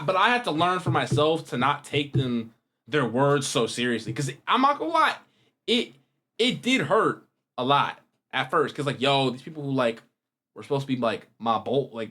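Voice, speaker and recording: A young man hosting a reaction video, talking casually to his viewers in a rambling, slangy way. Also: medium pitch. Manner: rambling, slangy, animated with wide swings in loudness.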